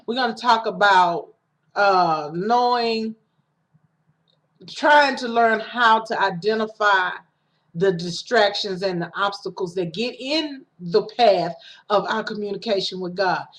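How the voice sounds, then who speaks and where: A woman preacher with a mid-range, slightly bright voice delivers a casual sermon she recorded herself on a home setup. Her measured, conversational delivery includes restarts, and she acts out quoted lines.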